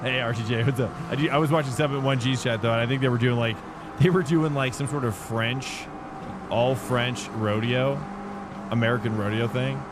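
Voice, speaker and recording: A man's voice: mid-range voice, fast, noisy background. A young man streaming a sim race from home, chatting casually and laid-back, calling his viewers dude and boys. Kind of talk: casual chat while live-streaming a race.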